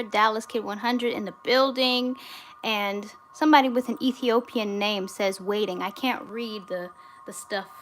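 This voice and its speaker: A woman hosting a casual livestream from home, reading viewer comments aloud in a relaxed way, with fillers. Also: mid-range voice, a little hiss or hum. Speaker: livestream host. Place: home in the US state of Georgia.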